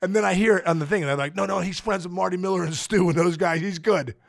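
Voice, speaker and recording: Brief: excitable, rambling male podcast guest, quick delivery, dry close sound. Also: sits high, gravelly, no echo. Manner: rambling, excitable, many restarts and fillers. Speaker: guest, former baseball player. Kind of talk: animated storytelling in casual chat.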